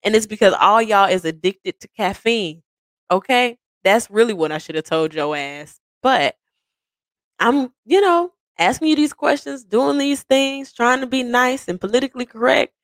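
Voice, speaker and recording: Woman in her 30s spilling a story on her podcast, swears a lot, super animated, dry close mic. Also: on the high side, moderate pace, no echo. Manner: candid, profane, animated storyteller. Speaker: podcast host. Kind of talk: casual storytelling.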